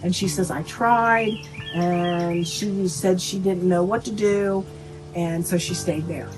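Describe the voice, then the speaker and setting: A middle-aged woman whose child was murdered speaks plainly in an interview, recounting family conversations and quoting what each person said. Her voice sits on the low side with fairly even intonation, and she takes her time. Music plays underneath, and the recording quality is low.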